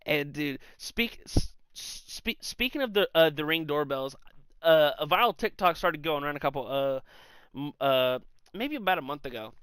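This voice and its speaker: A man's voice: on the high side, moderate pace, clean tone, no room sound. A young man co-hosting a podcast, telling stories in casual chat with lots of swearing and animation. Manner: profane, animated storyteller. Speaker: podcast co-host.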